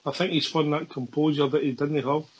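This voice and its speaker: Husky, higher-voiced male host, asks the questions. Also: steady tone, a little fast, dull audio. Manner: questioning, steering the talk. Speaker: fan radio host. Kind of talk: casual chat.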